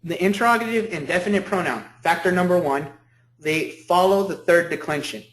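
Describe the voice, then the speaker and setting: A man's voice: high-pitched, fairly quick, fairly bright tone. A man giving a university lecture as professor, repeating key points and checking in with "okay?" often. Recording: echoey room.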